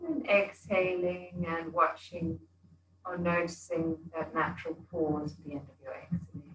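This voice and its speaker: A woman's voice: lowish voice, far from the mic. Soothing woman guiding yoga breathing. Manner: slow, soothing guidance. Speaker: yoga teacher. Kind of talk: guided breathing instruction. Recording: echoey room.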